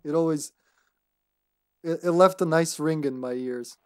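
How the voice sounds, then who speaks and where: A man giving casual let's-play commentary as a game streamer, joking around, laughing often and getting excited in bursts. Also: a little high, slow pace, soft background music.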